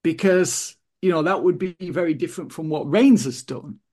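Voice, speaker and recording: Rambling higher-voiced male podcast co-host. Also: moderate pace, a little mellow, husky. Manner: rambling, many "you know" fillers and restarts. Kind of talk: casual wrestling chat.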